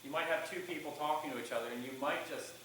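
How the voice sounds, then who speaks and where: Man, middle-aged, public speaking lesson, varied loudness, echoey room, faint hiss. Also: fairly high pitch, quick pace. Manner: asks the class questions, lively shifts in volume. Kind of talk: classroom talk to students. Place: classroom. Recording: echoey classroom from far off.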